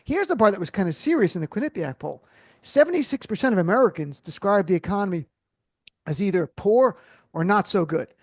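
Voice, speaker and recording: A man hosting a comedic radio talk show, animated and joking in quick riffs. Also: high-pitched, no echo, clean studio sound. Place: radio studio.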